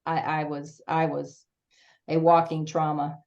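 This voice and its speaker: A woman speaking to a support group as guest, telling a personal story in an earnest, halting way with many restarts. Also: low voice, little pitch movement, a little mellow, highs cut off.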